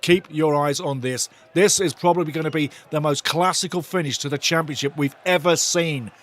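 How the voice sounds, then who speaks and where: A fired-up man calling a match live for his viewers as a fan, with a voice that sits a little high. He is loud and sweary, and he chats straight to the people watching. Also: moderate pace. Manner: excitable, loud and sweary, talks to viewers in chat. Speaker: football watch-along host.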